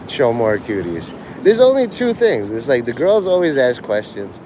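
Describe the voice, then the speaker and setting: A man's voice: mid-range voice, very animated, moderate pace, hardly any pauses, noisy background. A man livestreaming to a chat, rambling crudely from joke to joke and breaking into laughter. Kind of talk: rambling live-stream chat.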